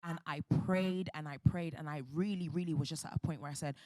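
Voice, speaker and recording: A woman's voice: sits low, fairly even intonation, fast talker, darkish tone. A woman speaking on a conference panel, telling a candid personal story in an earnest, emphatic way. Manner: earnest, emphatic, faith-filled.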